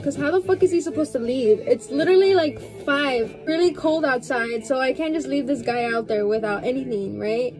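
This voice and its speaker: A woman's voice: sits high, a little mellow. A young woman casually telling a story while getting ready, chatty, filling her talk with "like" and frequent swearing. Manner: chatty, heavy use of "like" and swearing.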